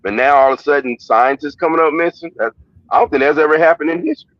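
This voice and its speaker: A man co-hosting a casual chat, musing aloud in a halting way. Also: on the high side, no room sound. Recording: dull, lo-fi dry sound.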